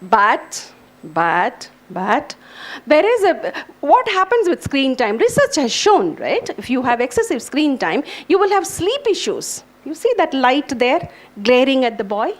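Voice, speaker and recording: Middle-aged woman professor, lively high voice, earnest talk to students. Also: measured pace. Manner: animated, earnest, addresses students directly. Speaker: English professor giving a talk. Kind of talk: lecture to students. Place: lecture hall.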